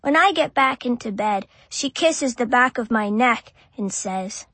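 A woman's voice: a little high, expressive, measured pace, pushed and bright, slightly rough, dry recording. A woman reading an audiobook in first person as a small child, with simple childlike phrasing. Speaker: audiobook narrator.

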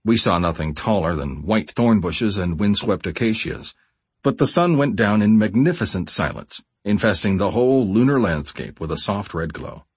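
A man narrates a first-person memoir audiobook in a measured, expressive storytelling voice. His voice is low with a husky grain, and his pitch rises and falls widely. The recording is close and dry. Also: no echo.

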